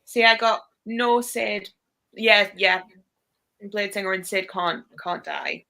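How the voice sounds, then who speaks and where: A woman's voice: medium pitch, slow, vocal fry, pushed and bright. A woman guest in a casual chat, talking in a chatty, wry way.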